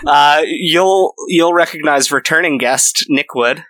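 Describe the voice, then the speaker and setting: A man's voice: fairly high pitch, takes it slowly, fairly bright tone, no echo, poor audio. A young man hosting a podcast in casual chat, rambling and joking at himself, often laughing. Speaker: podcast host.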